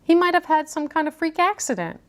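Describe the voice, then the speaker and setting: A woman's voice: sits high, sing-song, brisk, voice pushed up. A woman voicing a dry, sardonic male professor in a read-aloud mystery story.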